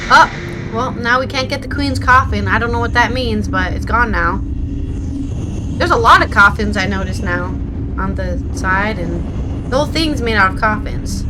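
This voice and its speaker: A woman streamer commenting excitedly on a story game as she plays it. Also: fairly high pitch, normal speed, background noise. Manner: excitable, reacting with gasps and laughs. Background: game music.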